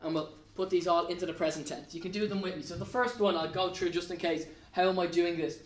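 Irish male teacher, higher-pitched, patient and plain, recorded off-mic in an echoey classroom. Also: fairly even intonation, fast, recorded from a distance. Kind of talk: recorded classroom lesson at a whiteboard. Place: classroom with a whiteboard.

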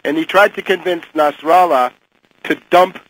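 A man's voice: fairly high pitch, moderate pace, poor audio. An older man speaking as a guest commentator in a radio interview, often hesitating and repeating words as he makes pointed criticisms.

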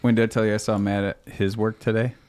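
A man's voice: fairly low pitch, level tone, quick pace, darkish tone. A man hosting a podcast, telling stories in a laid-back, jokey way. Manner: laid-back, jokey storytelling with quoted voices. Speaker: podcast host. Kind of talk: casual chat.

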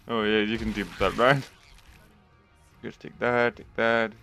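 A man hosting a gaming channel, giving let's play commentary with loud, sweary reactions to the game. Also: fairly low pitch, unhurried, gravelly, long pauses, soft background music.

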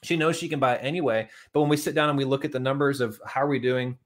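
A man's voice: mid-range voice, fast. Male coach, upbeat motivational talk, chatty and direct, keeps addressing the audience. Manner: energetic, chatty, keeps saying "guys" and "okay". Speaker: marriage and money coach.

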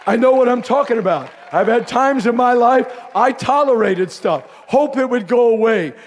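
A bishop preaching a fiery Pentecostal sermon at a live camp meeting, swinging from hushed folksy asides to shouted exhortation. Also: male voice, very high-pitched, animated, normal speed, a faint crowd, slight background noise. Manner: folksy, calls listeners pet names. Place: live service before a congregation.

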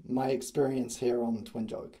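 A man appearing as a guest on a comedy show, answering in a deadpan, playful way and going along with the jokes. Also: mid-range voice. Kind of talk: casual comedic banter.

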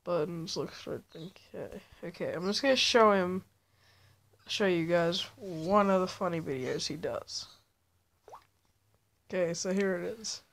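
A woman's voice: fairly low pitch, unhurried, gravelly, long pauses, rough recording. A woman chatting casually in a rambling, self-deprecating way as she ranks her favorite video makers. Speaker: YouTube vlogger. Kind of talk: casual vlog commentary.

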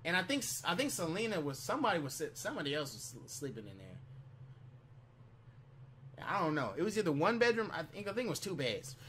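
A man with a high, bright voice recounts a story in a loose, rambling vlog style. He swears freely, restarts sentences and keeps checking in with the listener. A faint noise sits behind him. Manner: rambling, profane, repeats "you know what I'm saying"; animated retelling with quick restarts. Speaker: vlogger. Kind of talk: casual storytelling.

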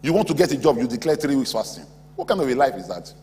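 A man preaching a sermon as pastor in a large auditorium, animated, acting out imagined church members. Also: mid-range voice, quick pace. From West Africa. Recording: long hall reverb, faint hum.

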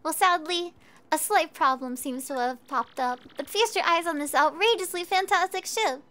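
A woman's voice: extremely high pitch, normal speed, bright, forceful tone. Woman reading as a grandiose showy merchant. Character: flamboyant adventure-loving male merchant. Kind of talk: reading game dialogue aloud.

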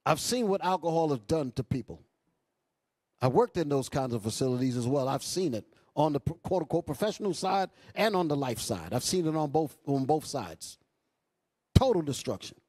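A male bishop preaching a sermon with impassioned bursts and low asides, calling out to the congregation. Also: animated, normal speed, a little mellow, dry recording. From New York. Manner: calls out to the congregation. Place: church hall.

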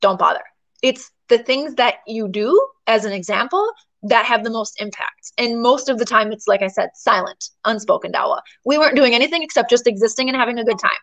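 A woman guest in an interview, telling a story in a chatty, animated way with plenty of fillers. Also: fairly high pitch, a little fast, poor audio. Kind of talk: storytelling in conversation.

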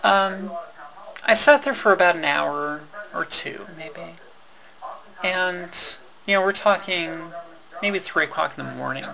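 A woman telling a personal story in a halting way, with many fillers, restarts and wry laughs. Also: lowish voice, vocal fry, sharp tone, rough recording.

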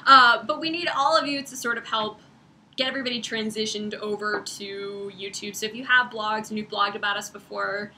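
A woman's voice: mid-range voice, steady tone, moderate pace, bright, forceful tone, a little hiss or hum. A young woman from Ohio co-hosting a casual book chat, upbeat and full of "like". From Ohio, United States. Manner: chatty, upbeat, uses "like" a lot. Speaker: co-host of a book chat livestream.

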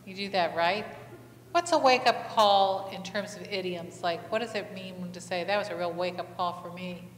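A woman pastor whose voice sits on the low side speaks at normal speed in a church sanctuary. Her conversational sermon is full of questions to the congregation and animated stories, and the hall is echoey with faint ambience.

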